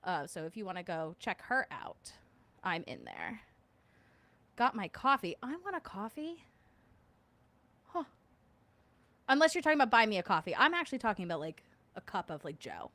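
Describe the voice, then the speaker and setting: A woman's voice: fairly low pitch, huge pitch swings, normal speed, long pauses, sharp tone. A woman hosting a casual livestream, chatting with viewers. She reads their comments aloud, jokes and laughs often, and hums little filler tunes. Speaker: livestream host.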